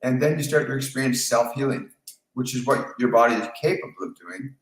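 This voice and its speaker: Calm, soothing male medium in echoey room. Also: medium pitch, a little fast. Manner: calm, repetitive, coaching tone. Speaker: spiritual medium hosting a live Q&A. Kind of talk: live-stream talk answering viewer questions.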